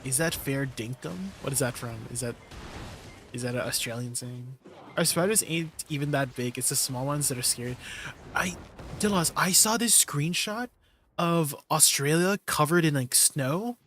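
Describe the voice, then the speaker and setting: A man's voice: a little high, normal speed, fairly bright tone, slight background noise. A man streaming live and chatting casually with his viewers, laid-back and laughing often. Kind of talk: casual livestream chat with viewers.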